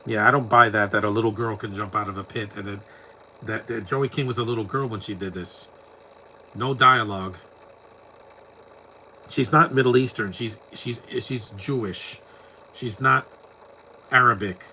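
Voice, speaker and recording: A man talks along with a film in a loose, mocking way and laughs often at what he sees. His voice is bright and forceful. A faint murmur of background sound sits under his speech. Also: on the low side, fairly even intonation, normal speed, pauses often, a little hiss or hum. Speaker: movie commentator. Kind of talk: casual live movie commentary.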